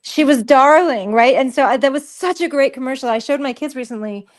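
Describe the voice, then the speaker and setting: A woman co-hosting a casual chat, telling animated stories and acting out little scenes. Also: high-pitched, brisk. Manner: animated storyteller, acts out scenes. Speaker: podcast co-host.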